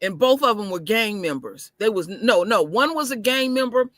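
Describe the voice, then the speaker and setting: A woman co-hosting a casual opinion talk, telling stories forcefully and cutting in often. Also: medium pitch, lively intonation, normal speed, dry recording. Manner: forceful storytelling, interjects often. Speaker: co-host.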